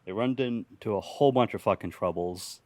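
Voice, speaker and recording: A young man spins a loose, profane improvised tale for a podcast, chuckling at his own jokes as he goes. His voice sits on the low side. The sound is dry and close to the mic. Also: a little fast, a little mellow, no room sound. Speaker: podcast host telling an improvised story. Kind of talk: casual improvised storytelling.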